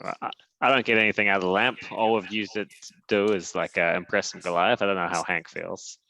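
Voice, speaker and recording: A man's voice: deep voice, fairly even intonation, brisk, creaky, sharp tone. A man playing a tabletop game, talking casually and hesitantly with fillers. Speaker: player.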